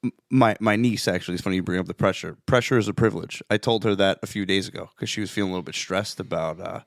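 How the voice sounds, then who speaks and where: A man's voice: low-pitched, gravelly, no room sound, studio quality. A man co-hosting a podcast, chatting casually and earnestly, often restarting his sentences, his voice cracking now and then. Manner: earnest, reflective, halting restarts. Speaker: podcast co-host.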